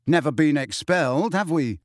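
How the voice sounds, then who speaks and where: A man's voice: fairly high pitch, lively intonation, moderate pace, no echo, studio quality, natural voice. A man voicing a mischievous teenage boy who speaks in a breezy, offhand way.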